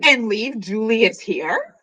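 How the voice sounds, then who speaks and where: Woman, book vlogger, casual slangy chat, lively swooping pitch, bright tone. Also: slow pace, dull audio. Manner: animated, chatty, slangy. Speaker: book vlogger hosting a reading sprint.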